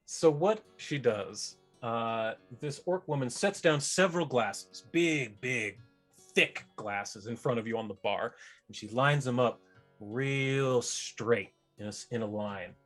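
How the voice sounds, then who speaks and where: Male game master, chatty, descriptive, medium pitch, faint guitar under him. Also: takes it slowly, a bit bright. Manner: chatty, self-correcting, descriptive. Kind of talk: narrating a tabletop game.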